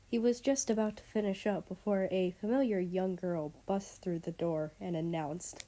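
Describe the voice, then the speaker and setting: A woman's voice: lowish voice, normal speed, hardly any pauses, mellow. A woman reading fan fiction aloud as narrator. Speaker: story reader.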